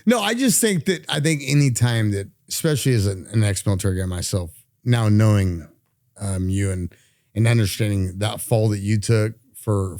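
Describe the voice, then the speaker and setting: A man's voice: on the low side, dark tone, no echo, clean studio sound. A man hosting a casual podcast chat, talking enthusiastically in long rambling sentences and peppering them with "dude" and "brother". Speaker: podcast host.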